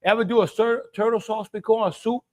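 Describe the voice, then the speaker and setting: A man's voice: high-pitched, steady tone, brisk, darkish tone. A middle-aged man with a Cajun accent hosting a live cooking stream, talking in a folksy way and greeting viewers by name. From Louisiana. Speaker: cooking show host.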